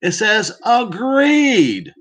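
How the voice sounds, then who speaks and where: A man's voice: high-pitched, wildly swooping pitch, very slow, a bit bright. A man teaching scripture in a preaching manner, emphatic and fond of rhetorical questions to the listener. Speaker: Bible teacher. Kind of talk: preaching Bible commentary.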